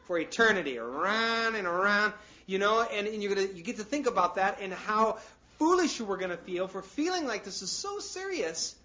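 Guy preaching casual sermon, kinda high voice, jumps around a lot, muffled lo-fi sound. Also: fairly quick. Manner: conversational and animated, with lots of "you know" asides; breaks into jokes and acted asides. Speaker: pastor. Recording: dull, lo-fi sound.

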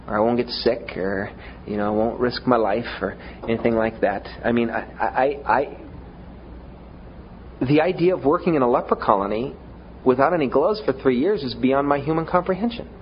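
A man's voice: mid-range voice, normal speed, muffled recording, slight background noise. A man preaching a sermon in a conversational way, often stumbling over repeated words, with self-deprecating humor.

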